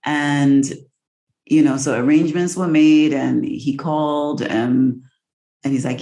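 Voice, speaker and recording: Low, mellow-voiced woman telling a story. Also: steady tone. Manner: candid, wry, slows down for emphasis. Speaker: podcast co-host. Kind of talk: casual storytelling chat.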